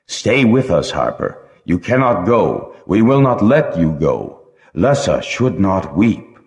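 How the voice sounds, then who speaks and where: A man voicing dragons that speak together, gently and insistently pleading with a dying friend. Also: low voice, sing-song, slow, big-room sound, exaggerated voice.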